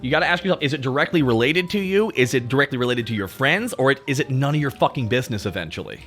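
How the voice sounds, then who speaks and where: A male streamer from Canada rants live at his audience, swearing freely and swinging from low mutters to loud outbursts. His voice sits at an ordinary middle pitch. Faint music plays underneath. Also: fast. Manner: profane, animated ranting, answers chat. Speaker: VTuber streamer. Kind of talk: livestream chat rant.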